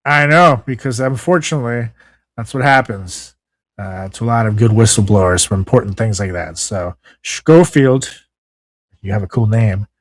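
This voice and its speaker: A man's voice: fairly low pitch, moderate pace, no room sound. A man co-hosting a podcast, ranting casually and sarcastically about the news with lots of swearing. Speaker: podcast co-host.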